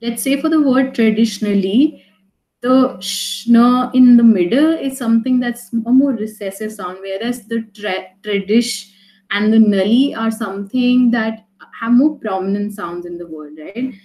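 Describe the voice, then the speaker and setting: A woman's voice: a little high, unhurried, darkish tone, roomy sound, low-quality recording. A woman teaching a live online poetry class, talking casually with many fillers and restarts, often checking in with "right?".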